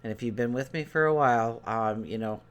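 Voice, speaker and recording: A man's voice: medium pitch, brisk. A man giving a daily tarot reading to his viewers, talking in an earnest, rambling way with many fillers and restarts. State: choked up. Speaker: tarot reader.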